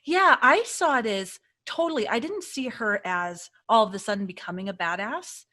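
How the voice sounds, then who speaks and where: A woman's voice: medium pitch, moderate pace. A woman co-hosting a podcast, chatting casually and animatedly as she reviews a film. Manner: chatty, animated retelling with acted-out reactions. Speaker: podcast co-host.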